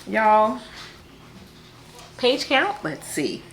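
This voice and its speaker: A woman's voice: medium pitch, big pitch swings, measured pace, pauses often, fairly bright tone, slight background noise. A woman hosting a book vlog, chatting casually to camera with playful, exasperated humor and frequent laughter. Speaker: book vlogger host.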